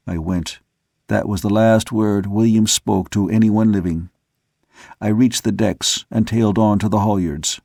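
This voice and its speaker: Low-voiced male audiobook narrator. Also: creaky, dry recording, clean studio sound. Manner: measured, steady storytelling. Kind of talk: scripted narration.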